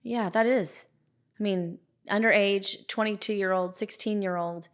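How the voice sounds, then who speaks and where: A woman hosts a podcast in a relaxed, conversational way, asking questions and sharing her own stories. She leans on "like" and "I mean" as she talks, at a middle pitch. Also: a little slow. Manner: conversational, many "like" and "I mean" fillers. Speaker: podcast host. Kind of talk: casual interview chat.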